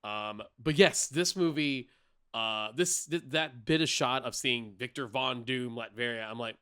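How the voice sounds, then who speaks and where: A man co-hosting a podcast in casual chat, talking in an animated, emphatic and opinionated way. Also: medium pitch, a little slow, clear, resonant tone. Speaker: podcast co-host.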